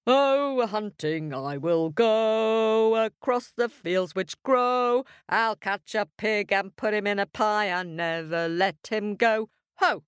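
A woman voicing a greedy big bad wolf from a storybook, with a booming, sing-song manner. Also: big pitch swings, very slow, a bit bright, dry recording, clean studio sound, exaggerated voice.

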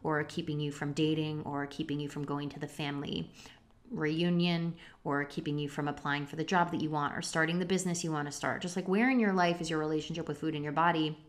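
A woman's voice: sits low, fairly even intonation, fairly quick. A woman in her thirties hosting a solo podcast, talking in an earnest, confessional way and swearing casually now and then. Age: 30s. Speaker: podcast host. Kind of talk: reflective solo podcast talk.

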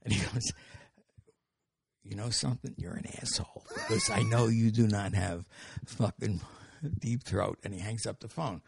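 An older man telling stories as an interview guest, animated and acting out the dialogue with quick restarts. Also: on the low side, vocal fry, breathy edge. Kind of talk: anecdotal storytelling.

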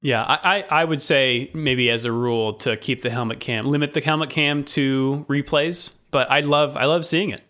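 A man's voice: medium pitch, fairly even intonation, moderate pace, hardly any pauses, pushed and bright. A man with a mid-range voice co-hosts a podcast. He sounds keen and stumbles over repeated words as he gets going. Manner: enthusiastic, stammering restarts. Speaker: podcast co-host. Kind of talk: casual podcast chat.

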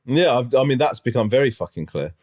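A man co-hosting a casual comedy podcast, teasing his partner in a dry, deadpan way. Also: medium pitch, a little fast. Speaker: podcast co-host. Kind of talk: casual comic chat.

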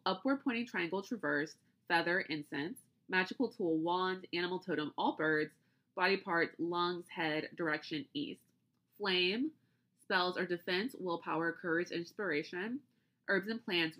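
Woman podcast host, kinda low voice but bright and forceful, ticking off lists then rambling casually. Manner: reads lists item by item, then explains loosely with restarts.

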